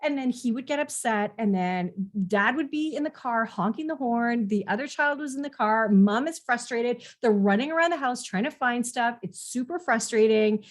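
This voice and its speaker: A woman's voice: on the high side, lively intonation, normal speed, hardly any pauses. Earnest woman parenting coach explaining. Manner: earnest, explanatory, acts out quoted parents and kids. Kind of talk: conversational teaching monologue.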